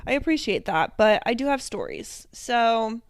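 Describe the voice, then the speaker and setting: A young woman co-hosting a podcast, telling a story in casual chat, animated, acting out the dialogue she quotes and often saying "like". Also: fairly high pitch, normal speed, no echo. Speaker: podcast co-host.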